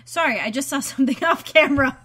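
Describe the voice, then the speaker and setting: A woman's voice: sits high, fast, sharp tone. A woman co-hosting a podcast in casual chat from a home room, giggly and prone to playful tangents. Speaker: podcast co-host. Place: home room being moved out of.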